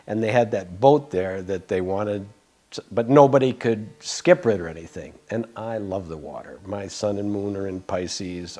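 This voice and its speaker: A man's voice: lowish voice, darkish tone. A man in his sixties telling a long personal story from his past in an interview, meandering and self-interrupting, with frank asides. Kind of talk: reminiscing anecdotal storytelling.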